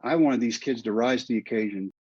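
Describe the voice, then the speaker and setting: A man's voice: medium pitch, brisk, a little mellow, husky, dry recording, muffled recording. A middle-aged man, a podcast guest, telling his story earnestly and repeating phrases for emphasis.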